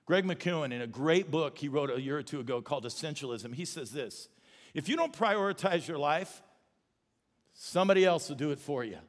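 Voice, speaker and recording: A man, the pastor, preaching a sermon in an animated, conversational way with touches of humor. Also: a little high, moderate pace. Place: church auditorium. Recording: long reverb of a large hall.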